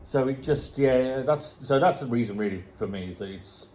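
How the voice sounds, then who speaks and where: A man's voice: mid-range voice, moderate pace, warm tone, slight background noise. A man in his forties, a guest in a casual music chat, who talks hesitantly, restarts his sentences and agrees often. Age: 40s.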